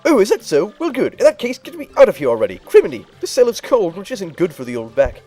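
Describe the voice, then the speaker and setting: A man's voice: high voice, huge pitch swings, fast talker, dark tone, soft background music, voice pushed up, full character voice. A man voicing a crotchety, bossy old female tribal elder in a game playthrough, scolding and barking orders.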